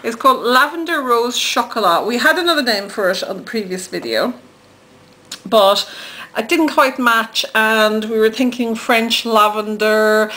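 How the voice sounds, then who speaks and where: A woman's voice: on the high side, measured pace, bright, forceful tone. A woman who hosts her own channel, chatting casually and giggling as she shows how her soap is made. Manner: chatty and giggly, trails off and hesitates. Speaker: soap maker and channel host. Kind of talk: casual chat while demonstrating.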